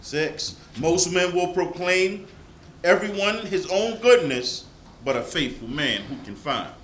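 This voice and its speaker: Bright man reading verses, echoey. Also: high-pitched, lively intonation, slow pace, slight background noise. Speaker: scripture reader.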